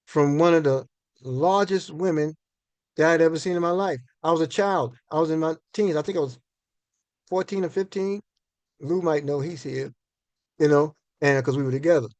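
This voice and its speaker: A man in his sixties with a fairly high voice, talking to an audience in a loose, folksy storytelling way. He repeats and restarts words as he thinks aloud. The sound is close and dry. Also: moderate pace, long pauses, no echo. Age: 60s. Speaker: minister giving a finance talk.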